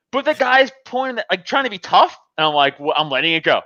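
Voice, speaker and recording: A man's voice: high-pitched, fast talker, few pauses, no echo, lo-fi sound. A man telling a story in casual talk, laughing often and acting out the people in it, with plenty of swearing. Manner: animated, laughs often, acts out both sides of the argument. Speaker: podcast host telling a story.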